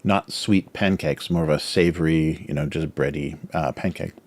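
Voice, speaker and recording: A man's voice: very deep voice, steady tone, moderate pace, darkish tone. A man hosting a casual drawing livestream, rambling with many fillers and talking with his mouth full as he snacks. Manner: filler-heavy, chuckles often. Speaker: livestream host, cartoonist.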